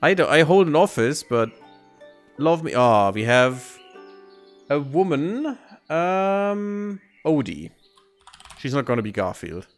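A man's voice: on the high side, big pitch swings, slow, soft background music. A man hosting a let's play, giving casual sarcastic commentary while he plays and swears freely.

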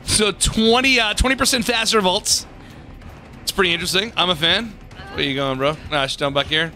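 High, bright excitable gamer guy. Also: a little fast. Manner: excitable, swears and laughs often. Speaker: gaming YouTuber. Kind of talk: casual gameplay commentary.

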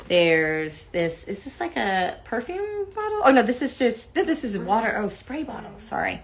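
A chatty, unhurried woman on a phone livestream. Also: mid-range voice, sing-song. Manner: reading fan cards aloud, chatty with frequent "like". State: tired. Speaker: actress thanking fans on a livestream. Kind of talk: casual livestream chat. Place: indoor room with couches.

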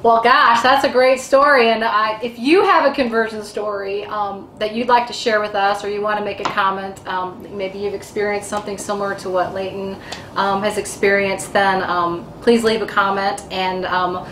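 A woman's voice: medium pitch, little pitch movement, moderate pace, fairly bright tone, slight background noise. A woman hosting an interview, talking with her guest in a conversational, encouraging way. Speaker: host. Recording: echoey room with music.

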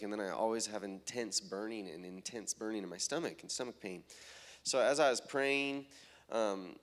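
A young man, a minister, telling testimony stories from healing meetings, halting with fillers and growing excited as he retells what people said. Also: lowish voice. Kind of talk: testimony storytelling.

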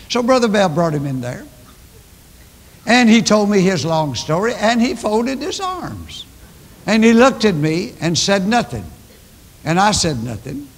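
Older pastor, high voice, emphatic storytelling sermon, long church reverb. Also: male voice. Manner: emphatic preaching, storytelling with repetition. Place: large church.

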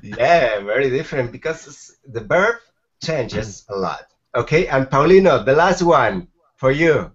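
A man teaching a language class online, lively and encouraging with his students. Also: mid-range voice, a little slow. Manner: lively, encouraging, laughs often. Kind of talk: online mini-lesson. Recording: dull lo-fi video call with faint noise.

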